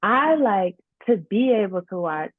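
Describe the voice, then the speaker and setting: A young woman actress telling stories about herself in a casual, animated interview. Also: mid-range voice, unhurried, no room sound. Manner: animated, laughing storyteller. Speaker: actress guest. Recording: dry tinny phone-like line.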